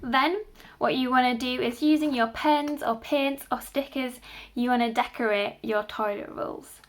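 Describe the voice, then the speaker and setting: Gravelly-voiced woman explaining a craft. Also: sits high, steady tone, a little slow. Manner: gentle, step-by-step explaining. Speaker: children's craft presenter. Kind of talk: instructions for a craft activity.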